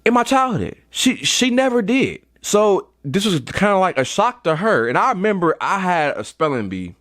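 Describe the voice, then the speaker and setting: Animated man ranting on a podcast. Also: normal speed. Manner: animated, swings into high mocking voices. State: a little tired. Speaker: podcast host. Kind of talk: comedic rant.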